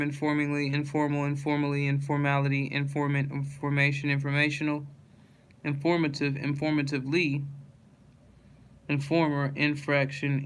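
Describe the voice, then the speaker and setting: A man reading a long list of dictionary words aloud in a steady recitation, with occasional slips and restarts. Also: fairly high pitch, slight background noise, low-quality recording. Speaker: word-list reader.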